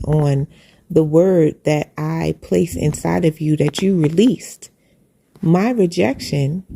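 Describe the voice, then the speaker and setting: A woman's voice: low-pitched, creaky, warm tone. A woman sharing a heartfelt personal faith testimony, earnest and repetitive, with preacherly phrasing.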